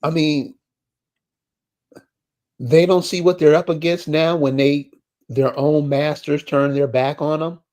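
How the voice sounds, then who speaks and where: A man's voice: on the high side, steady tone, slow, long pauses, darkish tone. A man hosting a casual discussion and asking questions, sometimes hesitant and searching for words.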